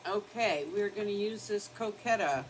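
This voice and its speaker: A woman's voice: medium pitch, moderate pace, a little hiss or hum, rough recording. An older woman chatting casually while doing her makeup at her home vanity, rambling and now and then scolding her dog. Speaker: beauty vlogger. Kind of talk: casual get-ready-with-me chat.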